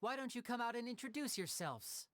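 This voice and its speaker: A woman voicing a calm, level-headed young female adventurer in a video game. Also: on the high side. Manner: calm, measured.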